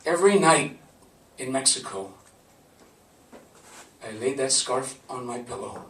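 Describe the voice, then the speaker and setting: A man's voice: medium pitch, lively intonation, a little slow, a little hiss or hum. A man telling a personal story to a live audience in a conversational, laughing manner. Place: live event venue. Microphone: camcorder from a distance. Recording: roomy, from far off.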